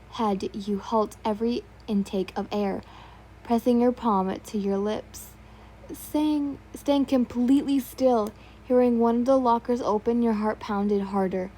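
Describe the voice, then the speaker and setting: A woman reading a second-person fan story aloud in a sleepy, soft way. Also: fairly high pitch, a little hiss or hum. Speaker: fan fiction reader.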